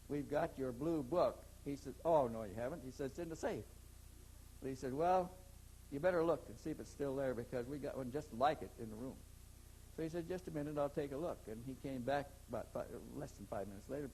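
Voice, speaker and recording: A man's voice: medium pitch, darkish tone, slight background noise, low-quality recording. An older man, an interview guest, telling a long story in a rambling way, repeating words and acting out the dialogue.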